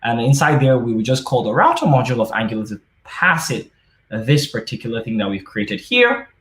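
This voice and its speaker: A man's voice: mid-range voice, big pitch swings, a little fast, fairly bright tone, a little hiss or hum. Chatty man giving a coding talk. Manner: conversational, with frequent fillers and self-corrections. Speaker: conference speaker. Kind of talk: live-coding tech talk. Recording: roomy echo.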